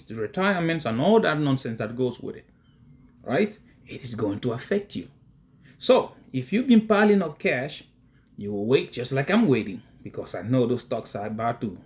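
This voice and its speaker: A man talking casually to his viewers, emphatic and chatty, often breaking into laughter. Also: mid-range voice. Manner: emphatic, addresses viewers directly. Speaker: crypto investing vlogger. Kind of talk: casual talk to camera.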